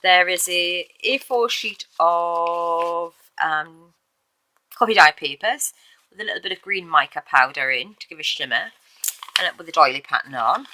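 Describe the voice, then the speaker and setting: A woman's voice: lowish voice, unhurried, sharp tone, no echo, low-quality recording. A woman casually showing a handmade journal she made, talking in a chatty way with fillers and little self-corrections. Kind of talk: casual show-and-tell video.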